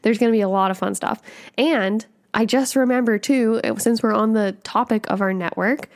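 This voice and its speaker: A woman co-hosting a podcast in casual chat, talking through a cold with a nasal voice, chatty and upbeat with quick asides. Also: a little high. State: sick, nasal voice. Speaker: podcast co-host.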